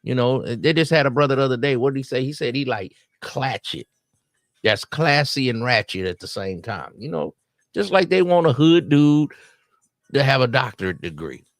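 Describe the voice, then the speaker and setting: A man's voice: mid-range voice, lively intonation, moderate pace, no room sound. A man with a Southern American accent reacting to a video in casual, playful commentary full of streetwise slang. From Southern United States.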